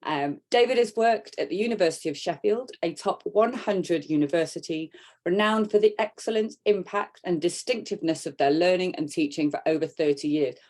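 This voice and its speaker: Upbeat woman interviewer, lowish voice. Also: brisk, a little mellow. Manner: upbeat, friendly introductions. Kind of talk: video interview hosting.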